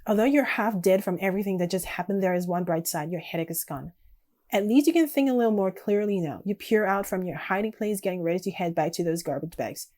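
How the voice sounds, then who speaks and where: A woman streaming a text game, reading the story aloud evenly with quiet, casual asides. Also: mid-range voice, fast.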